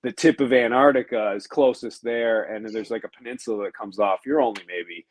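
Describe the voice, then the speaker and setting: A man who races sailboats, talking through ocean routes in a relaxed, thoughtful way with frequent pauses. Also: fairly low pitch, a little hiss or hum. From United States. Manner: explanatory, thoughtful, with frequent ums. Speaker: professional racing sailor guest. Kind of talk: relaxed conversational podcast chat.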